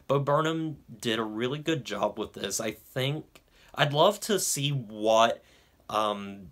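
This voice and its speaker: A man's voice: lowish voice, fairly bright tone. A young man giving a casual film review, hesitant, with frequent ums and restarts. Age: young adult.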